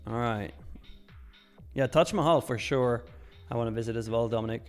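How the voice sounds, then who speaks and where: A man's voice: mid-range voice, moderate pace, faint music behind. Chatty man hosting a live trading stream. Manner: chatty, reads viewer questions aloud and answers. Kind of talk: casual live market commentary.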